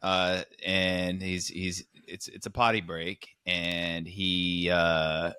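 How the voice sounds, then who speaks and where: A man with a low but bright, forceful voice, co-hosting a comedy podcast. He rambles through an animated story in casual chat. The sound is dry and close. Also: slow pace, smooth, no echo. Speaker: podcast co-host.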